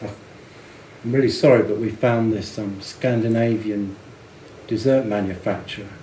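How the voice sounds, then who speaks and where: A man's lowish, warm voice, with fairly even intonation and a slightly slow pace, carries a presentation on branding and packaging. Chatty and amused, he repeats words as he thinks, and the low-quality recording has an echoey room and slight background noise.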